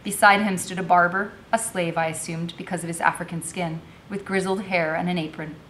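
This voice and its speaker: Woman, lowish voice, reading a novel aloud, expressive narration. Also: fairly quick, slight background noise.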